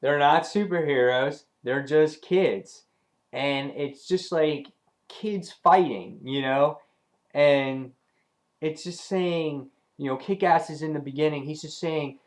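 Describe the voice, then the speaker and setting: Excitable man retelling a comic. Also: on the high side, slow. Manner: excited retelling, acts out the characters' lines in a raised voice. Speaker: comic book reviewer. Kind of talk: casual video review.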